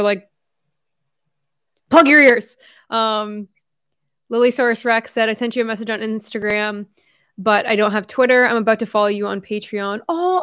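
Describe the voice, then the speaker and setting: Chatty young woman with a higher voice. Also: a bit bright, smooth. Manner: chatty and effusive, quick asides and self-corrections. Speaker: livestream host. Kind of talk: casual livestream chat reading viewer messages. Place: home.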